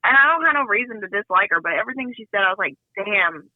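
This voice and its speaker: A woman's voice: medium pitch, lively intonation, racing, dry recording. A woman from Louisiana, a nurse guest on a podcast, talking bluntly and outspokenly in casual chat. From Louisiana, USA. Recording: tinny phone-like audio.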